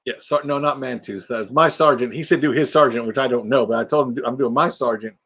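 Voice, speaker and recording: An older man hosting a casual livestream, playful and quick to break into impressions. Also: mid-range voice, fairly bright tone, slightly rough. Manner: playful, jumps into silly character voices. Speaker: livestream host. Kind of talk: casual live chat doing impressions.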